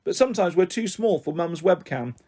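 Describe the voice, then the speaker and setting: A man's voice: sits high, expressive, fairly quick, mellow, husky, voice pushed up. A man voicing a cheeky, tech-mad young girl who chatters eagerly. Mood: chirpy.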